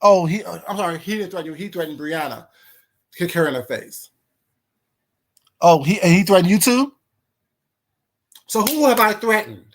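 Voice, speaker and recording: A woman's voice: lowish voice, animated, moderate pace, pauses often. A woman hosting a live stream, indignantly firing rhetorical questions at her viewers and a caller. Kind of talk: heated live-stream rant.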